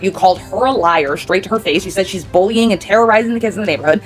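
A woman's voice: medium pitch, fast, few pauses, soft background music. A woman with a heated, rambling manner, full of "like" and swearing, casually telling a personal story to her viewers. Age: adult parent of a nine-year-old.

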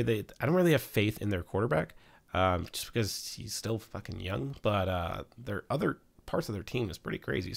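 A young man with a gravelly, medium-pitched voice hosts a laid-back weekly football news roundup. He swears freely as he runs through the sports headlines.

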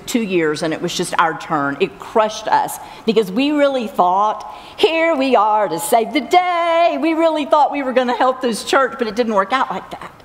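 A middle-aged woman shares her faith testimony in an earnest tone, leaning on repeated phrases. Her voice is mid-pitched and carries a long reverb from a large hall. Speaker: camp speaker.

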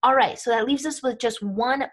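A woman's voice: a little high, moderate pace. Methodical woman teaching grammar. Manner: clear and methodical, checks in with "right?" and "okay?". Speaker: language teacher. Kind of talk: explaining German grammar step by step.

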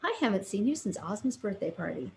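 A woman's voice: mid-range voice, sing-song, quick pace, a little hiss or hum. A woman voicing a jolly, kindly old Santa Claus in a storybook reading, with a reassuring manner.

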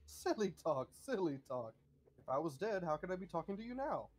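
A man's voice: high-pitched, very animated, fairly quick, breathy edge, voice pushed up, heavily acted, rough recording. A man doing a fussy ghostly butler. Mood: dismissive. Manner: prim, polite, fretful.

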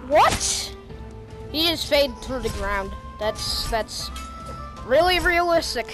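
A woman giving casual commentary while playing a VR sword game, excitable and prone to sudden yelps. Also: sits high, takes it slowly. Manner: excitable, bursts of yelps and exclamations. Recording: game music playing behind the voice. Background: game music.

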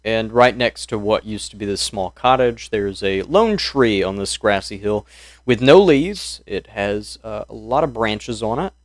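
A man's voice: fairly low pitch, expressive, unhurried, no room sound. Dry-voiced male game master. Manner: descriptive, loose, with many ums and uhs. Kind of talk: narrating a tabletop horror game.

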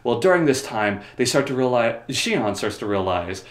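A man's voice: medium pitch, sing-song, normal speed. Rambling, joking man in a roomy room. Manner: joking, rambling, sarcastic asides. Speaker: video host. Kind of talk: comedic story summary.

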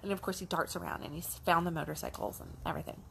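A middle-aged woman coach telling a casual, animated story, acting out the lines of her child and herself. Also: fairly low pitch, very fast, vocal fry, a little hiss or hum. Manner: animated, acts out a child's voice and her own in quotes. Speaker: life coach.

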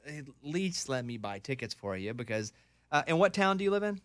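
Fast-talking upbeat radio host man. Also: medium pitch, sing-song, a bit bright, no room sound. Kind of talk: morning radio talk. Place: radio studio. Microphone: studio mic.

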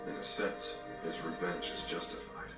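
An actor voicing a grave adult military officer, explaining in a solemn manner. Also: male voice, sits low, little pitch movement, normal speed, lightly acted. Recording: echoey anime clip with loud music.

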